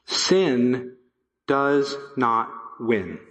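A man's voice: animated, extremely slow, highs cut off. Emphatic preaching man in a reverberant church. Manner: emphatic, repeats key phrases, drops to a low hush. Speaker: pastor. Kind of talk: sermon. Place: church sanctuary.

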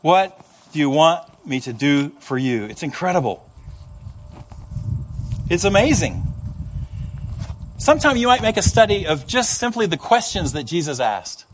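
A man preaching with a noticeably high voice, animated and playful. He acts out the people he quotes and slips in humorous asides while addressing his congregation. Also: slight background noise. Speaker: pastor. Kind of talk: sermon. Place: church service before a congregation.

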